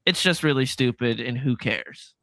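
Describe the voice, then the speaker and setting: Bright-toned man ranting dismissively. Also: mid-range voice, expressive, normal speed, vocal fry, no echo. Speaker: podcast panelist. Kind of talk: casual panel chat.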